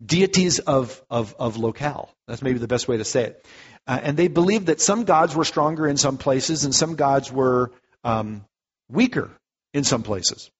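Man, pastor, conversational sermon, lively delivery with restarts, slightly husky, long hall reverb. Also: mid-range voice, normal speed. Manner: conversational, animated preaching with many restarts. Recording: muffled echoey hall.

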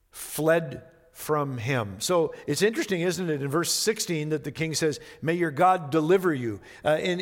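Man preaching in a reverberant hall. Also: on the high side. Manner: conversational, reads scripture dramatically then comments. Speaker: pastor. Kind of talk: expository sermon.

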